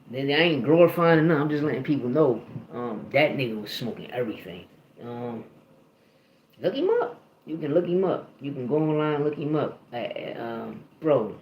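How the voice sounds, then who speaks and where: A man's voice: on the high side, reverberant, lo-fi sound. A man, telling stories in a casual, profane, rambling way full of restarts and "you know what I mean". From Philadelphia, USA. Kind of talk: casual storytelling.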